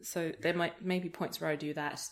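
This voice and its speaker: Chatty woman, lowish voice. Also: little pitch movement, brisk. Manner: rambling anecdotes with frequent laughter. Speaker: gaming video creator. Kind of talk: casual let's-play chat.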